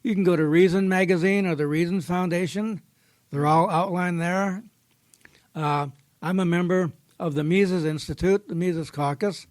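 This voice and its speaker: A man hosts a podcast in a studio, with a voice a little higher than most men's. He talks plainly and folksily, easing into a fable the way he would tell it across a table. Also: fairly even intonation, normal speed. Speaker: podcast host. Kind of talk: casual podcast talk with storytelling.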